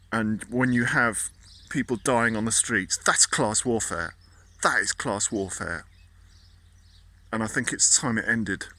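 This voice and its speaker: A man's voice: mid-range voice, sharp tone. A man, ranting casually and indignantly, often stumbling and repeating words. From Britain. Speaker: vlogger. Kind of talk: casual political rant.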